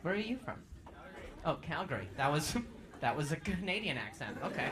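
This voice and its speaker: A man doing stand-up crowd work on a club stage, stammering as he teases the audience. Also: a little high. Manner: stammering, playful teasing of audience members. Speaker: stand-up comedian. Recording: live club with loud crowd and noise.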